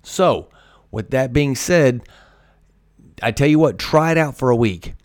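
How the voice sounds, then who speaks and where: Man, podcast host, motivational monologue, emphatic, repeats himself, middle pitch, dry sound. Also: measured pace, no room sound. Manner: energetic, emphatic, repeats key points.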